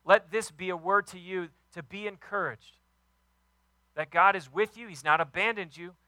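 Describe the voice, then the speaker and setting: Bright, high-voiced excited male preacher. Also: normal speed, no room sound, poor audio. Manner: enthusiastic, emphatic preaching with acted quotes. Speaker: pastor. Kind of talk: sermon.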